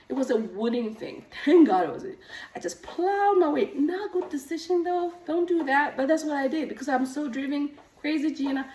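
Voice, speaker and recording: High-voiced woman vlogging in an echoey room. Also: normal speed. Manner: animated storytelling, acts out quoted voices. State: slightly out of breath from exercise bike. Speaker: nurse practitioner and coach. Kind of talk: casual talking-head vlog. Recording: echoey room, mic at a distance.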